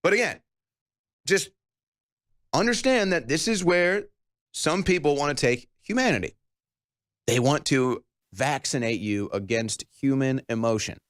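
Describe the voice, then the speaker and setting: A man's voice: mid-range voice, expressive, measured pace, long pauses. A man hosting a show, ranting indignantly and sarcastically about a video clip he has just played, his voice climbing as he gets worked up. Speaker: host.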